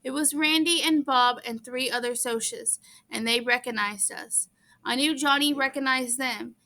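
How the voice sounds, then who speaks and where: A woman's voice: high-pitched, unhurried, pushed and bright. A woman reading a novel aloud in first person, earnest, with small stumbles now and then. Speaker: audiobook reader.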